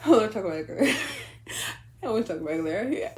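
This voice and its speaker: A young woman vlogger telling a personal story in casual chat. She talks in an animated, profane way, often laughing. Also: brisk. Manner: animated, laughing, profane, swings high and low.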